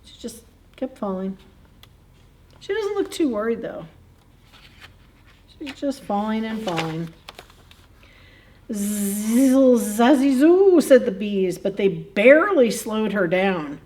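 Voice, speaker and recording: A woman's voice: medium pitch, very animated, measured pace, pauses often, darkish tone, slight background noise. A woman librarian reading a picture book aloud at a children's story time, in a playful, chatty way, chuckling and asking the kids questions.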